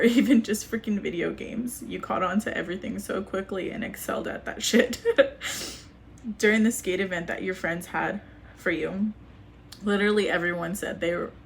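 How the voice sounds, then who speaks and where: A young woman reading a personal letter aloud to camera, halting and grieving, with frequent restarts. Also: mid-range voice, vocal fry, slight background noise. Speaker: vlogger.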